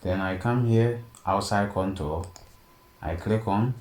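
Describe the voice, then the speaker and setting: Low-voiced guy walking thru a design tutorial, slow, keeps saying okay, echoey room w/ a bit of hiss. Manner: steady step-by-step explaining, frequent "okay?" check-ins. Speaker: software tutorial instructor. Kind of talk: screen-recorded tutorial narration. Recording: echoey room, faint background noise.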